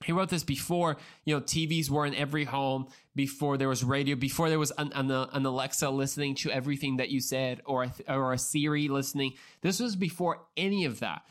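A man's voice: medium pitch, fairly even intonation, a little fast, few pauses. A man hosting a solo podcast, talking straight to the listener in an earnest, conversational way with many restarts and repeated words. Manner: addresses the listener directly. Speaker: podcast host.

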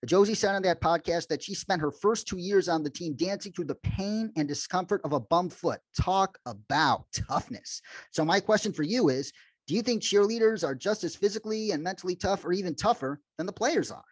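A man's voice: high voice, animated, fairly quick, husky, no room sound. Upbeat male sports podcast host, dry sound. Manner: upbeat, earnest sign-off.

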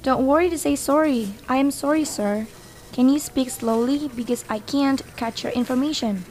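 A woman's voice: high voice, normal speed, darkish tone, lightly acted. A woman with an Indonesian accent playing a helpful young office receptionist, patiently explaining phone manners. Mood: instructive. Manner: patient, instructive. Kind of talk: scripted educational role-play.

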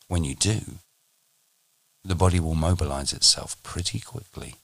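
Deep husky guy teaching meditation on a podcast, slow and deliberate, dry close sound. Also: no echo.

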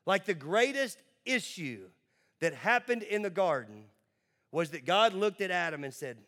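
A pastor delivers a sermon to his congregation in a somewhat high, sing-song voice that's a bit bright. His emphatic delivery alternates quick asides with words drawn out slowly.

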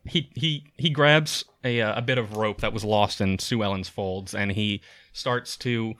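A man running a tabletop game as game master, narrating scenes in a descriptive way with frequent pauses and fillers. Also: fairly low pitch, fairly bright tone, no room sound.

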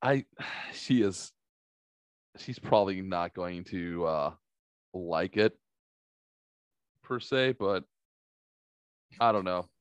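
A man hosting a casual podcast, telling stories in a lively, profane way and acting out the quotes. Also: sits low, takes it slowly, long pauses, clear, resonant tone, dry recording. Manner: animated, profane, acts out quotes. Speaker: podcast host. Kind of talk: casual storytelling chat.

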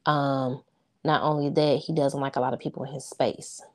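A woman's voice: extremely low pitch, little pitch movement, normal speed. A woman talking informally and from the heart as an interview guest, a single mother speaking about her sons. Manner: earnest, heartfelt and informal, with frequent "you know what I'm saying". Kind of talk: casual heartfelt interview chat.

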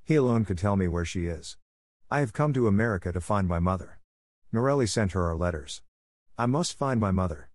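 A man's voice: low-pitched, lively intonation, a little fast, a little mellow, no room sound, studio quality. A man voicing a desperate young Italian boy who pleads urgently for news of his mother. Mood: pleading.

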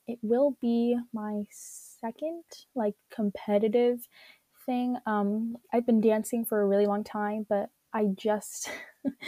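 A woman with a fairly high yet mellow voice rambles through her solo podcast, filling gaps with "like" and "um" and laughing at herself. The recording is dry and close, with no room sound. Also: no echo. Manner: rambling, giggly, self-deprecating, many "like" and "um" fillers. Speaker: podcast host. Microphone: own recording setup at home.

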